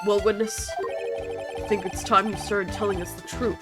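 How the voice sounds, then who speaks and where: A woman's voice: medium pitch, flat delivery, measured pace, over music, natural voice. A woman voicing an earnest young male defense lawyer, asking firm, pressing questions. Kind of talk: voicing game text in a playthrough.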